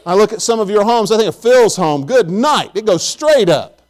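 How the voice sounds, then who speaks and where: A man's voice: high voice, lively intonation, moderate pace, a little mellow. A middle-aged man, preaching a sermon in a folksy, chatty storytelling way and talking directly to his congregation. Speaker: pastor.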